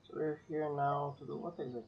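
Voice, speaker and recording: A man's voice: a little high, little pitch movement, fast talker, creaky, slightly rough, lo-fi sound. A man streaming a video game, giving casual, offhand commentary.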